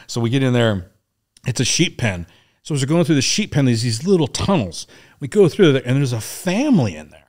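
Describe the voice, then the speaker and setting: Profane, animated veteran telling war stories. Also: male voice, mid-range voice, normal speed. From United States. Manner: animated, profane war storytelling, laughing often. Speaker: guest, Navy SEAL veteran. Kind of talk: casual storytelling.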